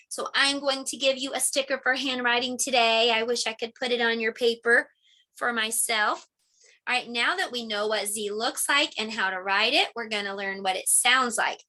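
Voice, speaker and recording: A woman's voice: fairly high pitch, bright, forceful tone. A middle-aged woman teaching a preschool lesson to small children, encouraging and sing-song. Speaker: homeschool pre-K teacher.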